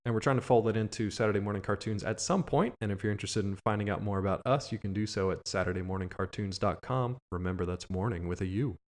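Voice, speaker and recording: A man's voice: on the low side, fast, few pauses, a little mellow, slight background noise. A man co-hosting a podcast, chatty, running through plugs and sign-offs with light jokes. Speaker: podcast co-host. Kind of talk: casual podcast chat.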